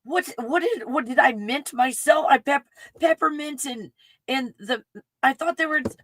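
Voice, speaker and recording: A woman in her forties hosting a casual solo livestream, rambling excitedly and swinging between hushed asides and loud outbursts. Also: high-pitched, moderate pace, dry recording, rough recording. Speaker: livestream host.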